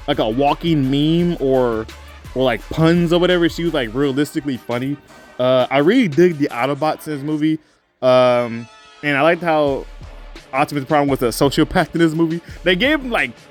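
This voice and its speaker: In a laid-back vlog, a guy talks through a film review in a meandering way, packing in filler words and profanity. Every so often he launches into an excited reenactment in a high-pitched voice.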